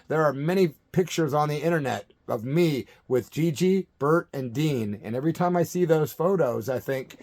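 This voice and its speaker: A middle-aged man hosting his channel, telling a story in an animated, hyper way and acting out the quotes. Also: mid-range voice. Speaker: channel host. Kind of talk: storytelling monologue.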